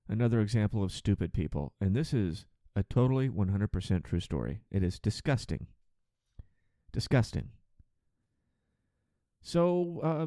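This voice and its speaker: A man's voice: on the low side, mellow, dry recording, clean studio sound. A man hosting a solo podcast, ranting with sarcastic, profane exasperation about his work as a flight attendant.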